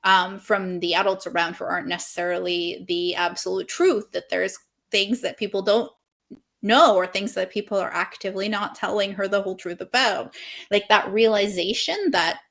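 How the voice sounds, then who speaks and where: A woman's voice: medium pitch, steady tone, moderate pace, gravelly, fairly bright tone. A woman author being interviewed on a video call, talking earnestly and expressively about her writing, laughing often and thinking aloud. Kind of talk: casual interview chat.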